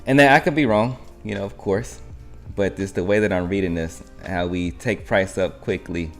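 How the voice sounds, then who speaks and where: Man, very low voice, live trading narration, rambling restarts, faint music underneath. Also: fairly even intonation, normal speed. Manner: rambling, restarts sentences, thinks aloud. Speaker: futures trading live-stream host.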